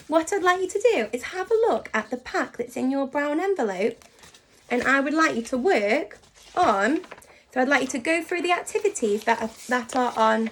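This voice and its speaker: A woman teaching a phonics lesson to young children, encouraging and sounding words out slowly and clearly. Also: sits high. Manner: lively, encouraging, slow and exaggerated sound-by-sound.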